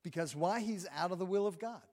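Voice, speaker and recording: A man's voice: high voice, fairly quick, a little mellow. A man preaching a sermon in a conversational way, reading scripture aloud between his own remarks. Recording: long reverb of a large hall.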